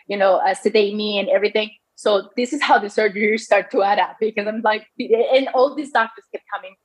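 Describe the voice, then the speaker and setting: A woman's voice: medium pitch, low-quality recording. A woman in her thirties telling her own medical story in casual talk, often restarting and quoting doctors in her own voice. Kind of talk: personal storytelling.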